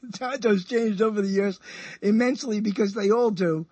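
A man's voice: high voice, a little slow, a little mellow, breathy edge, no echo. A man in his sixties hosting his own radio show, rambling in a chatty, self-amused way, chuckling and restarting his sentences as he goes.

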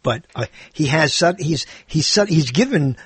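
Guy rambling on his own show, husky voice, bouncy lively pitch, dry close mic with a little music under. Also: moderate pace, no room sound. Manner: playful, meandering, self-amused with frequent laughs. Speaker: podcast host. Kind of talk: rambling solo monologue.

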